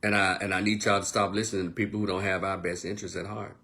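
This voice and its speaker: A man delivering a blunt, profane monologue as an online commentator, swinging between loud outbursts and low, quieter stretches. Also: fast talker. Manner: blunt, profane, animated rant. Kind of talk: casual ranting monologue.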